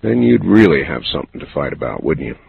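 A man hosting a call-in radio talk show, speaking in a slow, musing, conversational way. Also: a bass voice, very animated, creaky, breathy edge. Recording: lo-fi radio broadcast with faint hiss.

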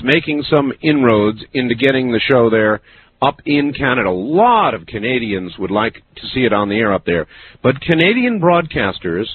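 A man hosting a call-in radio talk show, speaking in a slow, musing, conversational way. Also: mid-range voice. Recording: lo-fi radio broadcast with faint hiss.

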